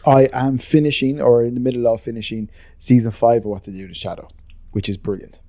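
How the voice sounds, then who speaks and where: A man's voice: mid-range voice, steady tone, quick pace, mellow, no room sound. A man co-hosting a podcast, chatting casually with enthusiasm, lots of fillers and swearing. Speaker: podcast co-host. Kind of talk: casual chat.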